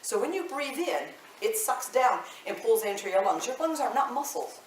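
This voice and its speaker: A woman's voice: a little high, sing-song, normal speed. A woman voice teacher leading a live singing workshop, chatting to the group and checking in with "okay?" after each point. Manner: chatty, ends phrases with "okay?". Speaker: voice teacher and choir director. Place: large echoey room with a live group. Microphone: room mic at a distance. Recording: roomy, distant, faint hiss.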